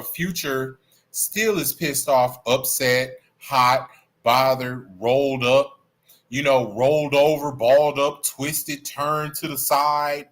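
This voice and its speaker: A man hosts a casual live stream, his voice sitting a little high for a man. He talks in a sassy, animated way, piling up phrases and teasing his viewers. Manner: animated, sassy, playful with rants and laughs. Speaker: livestream host. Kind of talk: casual celebrity gossip chat.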